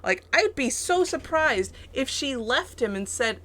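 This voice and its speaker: A woman's voice: sits high, sing-song, measured pace, hardly any pauses, fairly bright tone. A young woman streaming a game, chatting and rambling, with frequent swearing. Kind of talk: let's play commentary.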